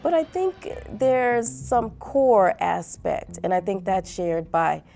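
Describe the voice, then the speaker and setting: Thoughtful female interviewee from Southwest Louisiana; dark, fry-laden voice. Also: medium pitch, sing-song, takes it slowly, faint music behind. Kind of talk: reflective interview talk.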